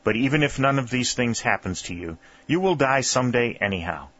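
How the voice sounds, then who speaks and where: A man's voice: medium pitch, animated, fairly quick, a bit bright, no echo, lo-fi sound. A man reading as a precise, bookish young soldier. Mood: precise, proud. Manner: precise, formal, pedantic diction.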